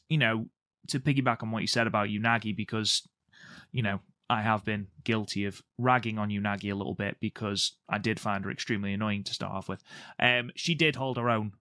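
A man's voice: on the low side, pushed and bright, no room sound, studio quality. A man co-hosting a podcast, chatting casually and enthusiastically with frequent fillers. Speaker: podcast co-host.

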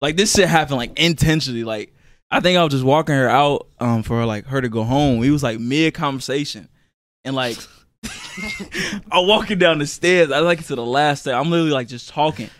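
A man's voice: medium pitch, brisk, a bit bright, no room sound. A young man co-hosting a podcast, telling a funny story in slangy casual talk and laughing often. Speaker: podcast co-host. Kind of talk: casual chat.

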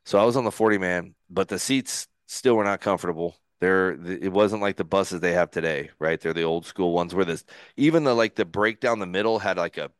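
A man in his forties, a former pro pitcher, telling stories as a podcast guest and laughing along. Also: a little fast, dry recording, clean studio sound. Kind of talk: casual storytelling.

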